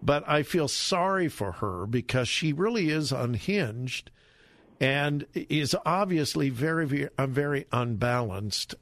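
A middle-aged man hosting a talk radio show, giving emphatic, repetitive commentary. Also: no echo. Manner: emphatic, repetitive, lively pitch swings.

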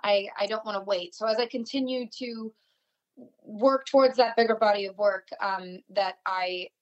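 A woman musician guest in a casual interview over a video call, talking warmly with many fillers and restarts. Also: mid-range voice, normal speed, dull audio.

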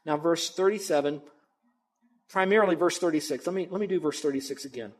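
A man's voice: on the high side, a little fast. A man pastor preaching a sermon in a conversational, emphatic way with asides to the congregation.

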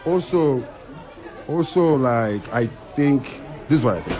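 A man in his thirties, a stand-up comedian chatting as an interview guest, rambling with many restarts and quick laughs. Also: mid-range voice, animated, a little mellow, faint music behind, a faint crowd. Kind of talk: casual interview chat.

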